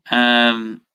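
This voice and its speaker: With a gravelly, sharp, medium-pitched voice and a clean recording, a man runs a football watchalong stream. He's chatty, reads viewer messages aloud, laughs frequently, and has sudden bursts.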